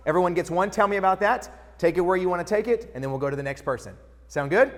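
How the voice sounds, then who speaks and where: A quick-talking man with a slightly high voice leads a keynote audience exercise. His coaching is casual and direct, and he keeps checking in with the room. A long reverb from the conference hall trails his words. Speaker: keynote speaker.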